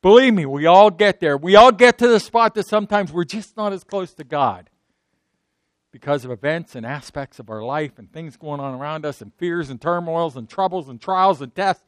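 Male pastor, high-pitched, playful preacher who asks the audience questions. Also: expressive, normal speed, dry recording, clean studio sound. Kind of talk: sermon.

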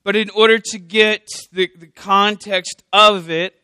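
A man preaching a sermon to a congregation, joking and conversational as he checks in with his listeners. His voice sits high and bright, with a crisp, clear tone. The sound is dry and close. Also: fairly even intonation, measured pace, no echo. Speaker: candidate pastor preaching.

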